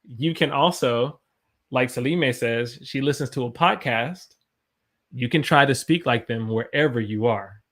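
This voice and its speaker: A young man hosts a live English lesson, talking casually and warmly encouraging his viewers. His voice sits at a middle pitch, and he answers viewer comments as they come in. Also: measured pace. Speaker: English teacher, livestream host.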